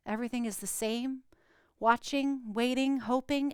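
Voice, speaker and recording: A middle-aged woman preaching a sermon, with dramatic pauses and quiet, hushed stretches for emphasis. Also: fairly high pitch, clean tone, no echo. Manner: dramatic pauses, drops to a near whisper for emphasis. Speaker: pastor.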